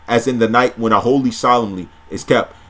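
A man's voice: medium pitch, fast. A man reading old-style scripture aloud, now and then breaking off to comment in casual slang. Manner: reads steadily, breaks off into excited slangy commentary. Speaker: scripture reader and preacher.

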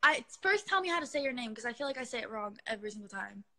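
A woman's voice: on the high side, expressive, racing, bright, forceful tone. A young woman chatting with fans on a live stream from her phone, gushing and giggly, sometimes cooing at her cat. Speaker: social media star hosting a live stream.

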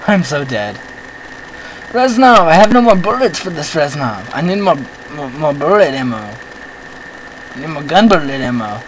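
A man hosting a let's-play, giving excitable commentary, often yelping at the game, with self-mocking rambling asides. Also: a little high, measured pace, a little hiss or hum, low-quality recording. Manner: excitable, yelps and shouts at the game. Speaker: gaming channel host.

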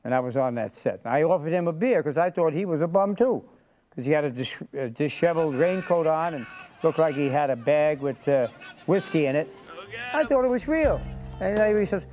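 Raspy-mannered New street character, raised voice, music bed behind. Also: male voice, on the high side, lively intonation, brisk, a little mellow, poor audio. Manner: rough, rambling, profane storyteller. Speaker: interviewee, film extra. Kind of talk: casual storytelling interview. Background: background music.

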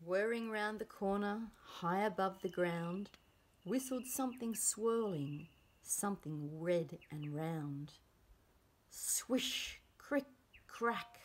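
A woman reading a children's picture book aloud, slow and expressive, giving the characters lively voices. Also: medium pitch. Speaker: preschool storybook reader.

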